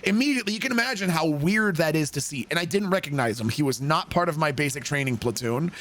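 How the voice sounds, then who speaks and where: A man streaming a game, telling a long rambling story in a casual, profane, animated way. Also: a little high, quick pace.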